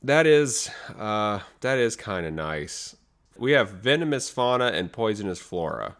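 A man co-hosting a casual podcast, his pitch swinging widely as he tells a story. He laughs often and slips into little voices for the people in his anecdotes. His delivery is loose and chatty. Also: measured pace. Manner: animated, laughs often, acts out voices in stories. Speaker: podcast co-host.

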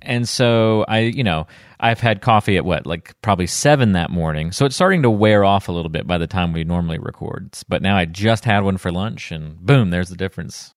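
Male podcast host, upbeat and chatty, lower register, dry close mic. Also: a little fast, no echo. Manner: upbeat, chatty, laughs easily. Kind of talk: casual podcast chat.

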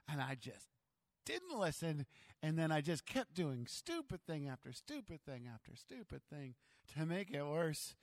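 A man telling a self-mocking childhood story as a sermon to his church, animated and dramatic. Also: on the high side, moderate pace, creaky, no echo.

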